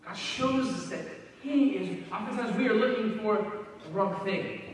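A man preaching a sermon. He talks to the congregation in a conversational way, asks them questions, and drops low and soft when he quotes scripture. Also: a little slow, a little hiss or hum. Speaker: pastor. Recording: echoey hall heard from a distance.

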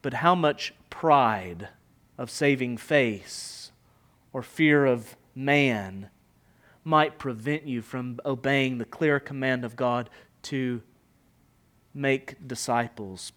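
A man preaching a sermon with passion, rising to loud emphatic peaks and falling to hushed, almost whispered lines. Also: mid-range voice, takes it slowly. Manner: impassioned preaching, swelling loud and dropping to near whisper. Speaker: pastor.

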